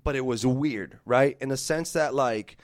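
A man in his thirties telling a story in casual podcast chat, animated and full of swearing. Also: mid-range voice, measured pace. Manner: animated, profane, acts out quotes.

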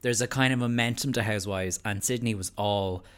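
A man's voice: on the low side, fairly quick, clear, resonant tone. A man hosting a podcast, chatting and explaining at length. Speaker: podcast host. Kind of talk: casual chat.

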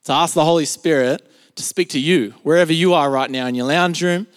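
This pastor's voice is a little high, clear and resonant, and he speaks a little fast, with a long reverb tail trailing after his words. An Australian man, he delivers his sermon at a streamed church service in a chatty, story-driven style packed with fillers.

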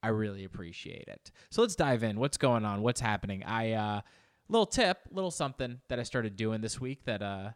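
A man's voice: on the low side, expressive, fairly quick. A man hosting a casual solo podcast from his home office, chatty and playful, with jokey asides, his voice a bit congested. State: slightly congested. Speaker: podcast host.

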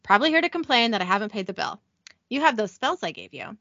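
A woman's voice: mid-range voice, sing-song, fast, fairly bright tone, dry recording, dull audio. Woman reading as a flippant scheming witch. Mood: sly.

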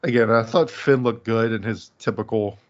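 Casting: low-voiced male co-host, laid-back rambling chat, slightly dull audio. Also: steady tone, normal speed. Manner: rambling, laughs often, many fillers. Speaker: podcast co-host. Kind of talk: casual chat reviewing wrestling.

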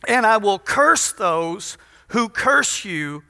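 A man's voice: sits high, very animated, slow pace, pushed and bright. A middle-aged man from Louisiana preaching a sermon as pastor, joking and teasing the congregation between emphatic points. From Louisiana, USA. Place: large church in front of a congregation. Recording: reverberant church hall.

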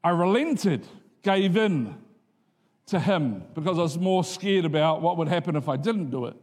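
A man delivers a sermon in a relaxed, storytelling way, his voice sitting a little higher than most men's. He mixes plain teaching with self-deprecating anecdotes and rhetorical questions. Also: normal speed. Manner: conversational storytelling preaching, self-deprecating humour. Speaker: pastor.

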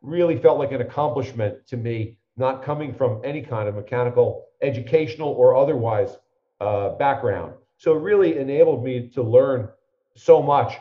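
A man's voice: mid-range voice, moderate pace, reverberant, phone-quality sound. A man in his fifties telling long anecdotes in conversation, acting out the people he quotes. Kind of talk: conversational storytelling.

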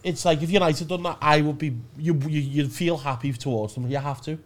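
A man's voice: fairly high pitch, fairly even intonation, a little fast. A man on a comedy podcast, bantering and telling anecdotes. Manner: anecdotal, laid-back banter. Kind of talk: casual chat.

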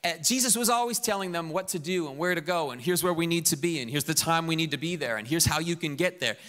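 Male pastor, conversational sermon, tense bright tone, long church reverb. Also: on the high side, fast talker. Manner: animated, conversational preaching with jokes. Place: church sanctuary.

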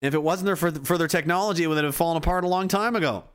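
A man's voice: a little high, very fast, a bit bright, clear, resonant tone. A man giving a casual, rambling monologue, swearing freely and often restarting his sentences. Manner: profane, rambling, self-interrupting.

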